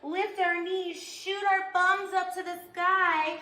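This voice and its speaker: A woman with a high, bright voice leads a children's yoga class. She coaches in an unhurried, sing-song way, and her voice rings in a roomy, echoey space. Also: flat delivery. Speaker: kids yoga instructor.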